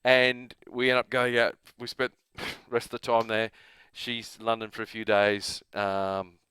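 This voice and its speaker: A man's voice: medium pitch, completely flat delivery, unhurried, pushed and bright, smooth. A man with an Australian accent, host of a gaming channel, telling a long rambling story in a casual, self-amused way.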